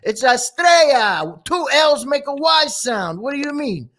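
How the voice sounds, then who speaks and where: A man, chatting casually as a co-host and ranting with animated, profane slang. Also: very high-pitched, measured pace. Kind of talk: casual chat.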